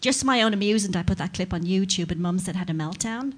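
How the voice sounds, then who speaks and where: A woman's voice: mid-range voice, expressive, quick pace. A woman performing a stand-up comedy set, sardonic and mock-outraged, building into rants.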